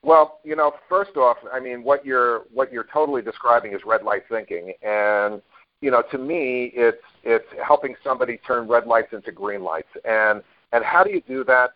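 A medium-pitched man recounts stories as an interview guest, wandering, full of fillers and restarts. The audio is muffled and lo-fi. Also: moderate pace. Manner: rambling anecdotes with many fillers and restarts. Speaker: guest, network marketer. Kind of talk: casual storytelling interview. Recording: dull lo-fi audio.

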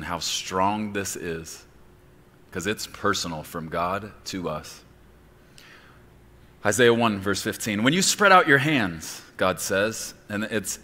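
A man preaching a sermon as pastor, with emphatic delivery that bursts into shouted key words. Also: fairly low pitch, big-room sound.

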